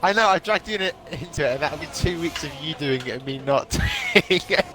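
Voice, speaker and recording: A man's voice: a little high, lively intonation, fairly quick, background noise. A young man doing casual, jokey commentary on a sim racing stream, laughing and swearing now and then while he fights off hiccups. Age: young adult. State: has hiccups. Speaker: race commentator.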